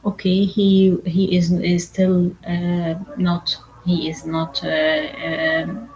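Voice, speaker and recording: A woman whose first language is Arabic, lecturing medical exam candidates in a halting, repetitive way, full of fillers and asking "okay?" often. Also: on the low side, monotone, a little mellow, slight background noise, low-quality recording. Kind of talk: online lecture.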